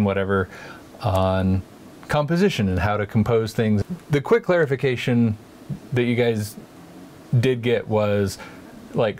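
A man's voice: on the low side, darkish tone, slight background noise. A man hosting a casual art chat, telling stories and explaining ideas in a playful, rambling way with many restarts. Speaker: podcast host, artist.

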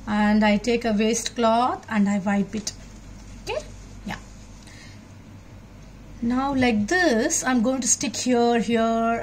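A woman teaching young children a craft, speaking slowly and patiently in a fairly high voice. She keeps asking her young audience questions as she works. Faint noise sits behind her.

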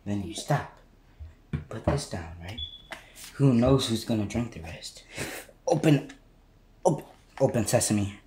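A teenage boy talking casually and excitably. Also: on the low side, takes it slowly, long pauses, reverberant, a little hiss or hum. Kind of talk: casual chat.

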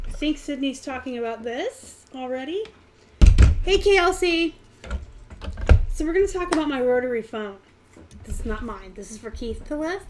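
A chatty woman hosts a live stream, her voice sitting a little high. She talks in an animated way and speeds up in quick bursts. A faint hiss of background noise stays under her voice. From Pittsburgh area, US. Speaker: live stream host, reseller. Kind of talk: casual live stream chat.

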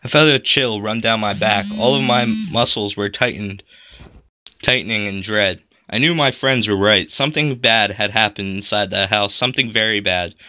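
A man's voice: lowish voice, normal speed, pushed and bright, no echo. A man reading a horror story aloud in a dramatic, suspenseful first-person narration. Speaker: storybook reader.

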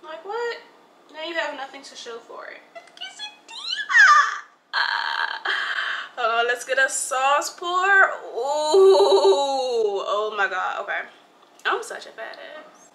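A young woman food vlogger chats casually and playfully with viewers while cooking and eating in her home kitchen, recorded on a phone camera. Her high-pitched voice swings widely in pitch, is a bit bright, and moves slowly. The room is echoey, with a little hiss or hum and poor audio overall.

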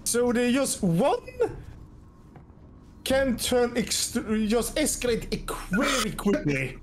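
A man's voice: extremely high pitch, expressive, slow, slight background noise. A man chatting casually on a voice call while playing a co-op game, explaining tactics with dry sarcasm. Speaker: gamer.

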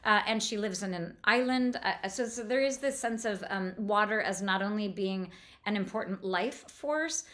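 A woman's voice: medium pitch, moderate pace, a bit bright. A woman giving a literary lecture on a novel, thoughtful and enthusiastic, with frequent restarts and fillers. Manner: enthusiastic about the prose. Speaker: book lecturer.

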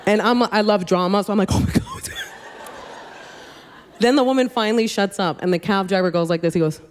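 A woman doing stand-up comedy, telling a story in an animated, chatty way full of asides, on a comedy club stage with a handheld mic. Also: medium pitch, a little fast, slight background noise. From New York City.

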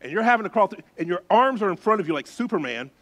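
Male pastor, slightly raised pitch, animated sermon storyteller who drops to a hush for suspense. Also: fast talker.

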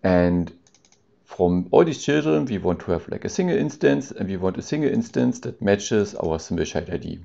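A man with a deep, gravelly, mellow voice talks through code on a casual live stream, hesitating often and restarting his sentences. The audio is dull and lo-fi. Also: animated, normal speed. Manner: thinks aloud, hesitant, with many ums and restarts; reads out and answers chat questions with amusement.

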